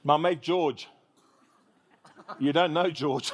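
Pastor preaching with humor. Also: male voice, high voice, animated, normal speed. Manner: storytelling, humorous, call-and-response with congregation. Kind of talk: sermon.

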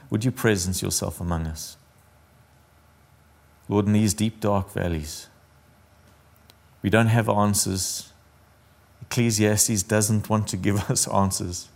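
A man's voice: lowish voice, fairly even intonation, measured pace, vocal fry, long pauses. A man preaching a sermon as pastor, earnest and intimate, often dropping his voice almost to a whisper.

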